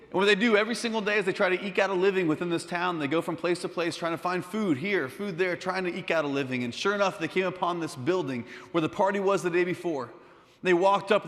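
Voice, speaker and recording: Man telling a dramatic story in a hall. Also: fairly high pitch. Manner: animated, dramatic, swings loud and hushed. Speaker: school chapel speaker. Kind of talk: live storytelling to students. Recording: long hall reverb.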